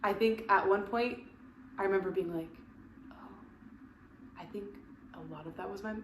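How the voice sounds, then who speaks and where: A woman talking openly as a guest in a casual podcast chat. Her voice sits at a mid pitch, and she sounds heartfelt and emotional. The recording has a roomy echo and some faint noise in the background. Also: moderate pace.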